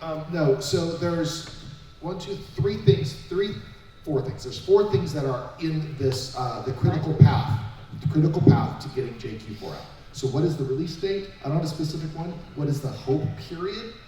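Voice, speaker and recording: A man's voice: on the high side, normal speed, dark tone. Panelist, male, rambling and chatty, picked up far off in a very echoey room with faint noise. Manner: rambling, restarts mid-sentence. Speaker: panelist answering fan questions. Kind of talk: casual convention panel talk.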